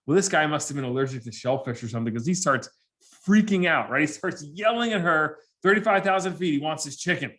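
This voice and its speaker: A man giving a humorous motivational presentation to students, telling lively stories and acting out the people in them. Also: on the high side, fast. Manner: animated storyteller who acts out characters. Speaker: motivational speaker.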